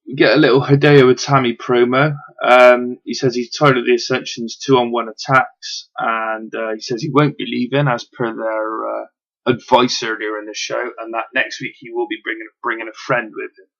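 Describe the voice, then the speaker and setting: Chatty guy reviewing wrestling, gravelly voice, bit muffled lo-fi sound, lots of ums. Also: medium pitch, little pitch movement, normal speed, fairly bright tone. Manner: chatty, frequent ums, occasional swearing. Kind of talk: casual spoken review.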